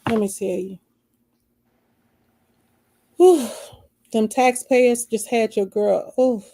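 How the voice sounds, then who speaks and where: Woman doing a cooing country flirt, slow drawn-out delivery, mellow tone, sweet-talking her man. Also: on the high side. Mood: sultry, coaxing. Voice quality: country-sounding, sultry coo. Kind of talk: improvised flirty role-play.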